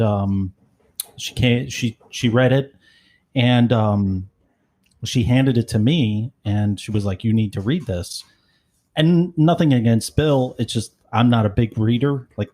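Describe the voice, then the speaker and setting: A man's voice: medium pitch, dark tone. A man co-hosting a podcast, talking casually with lots of fillers and wry asides. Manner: rambling, many fillers, wry. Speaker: podcast co-host. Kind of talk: casual chat.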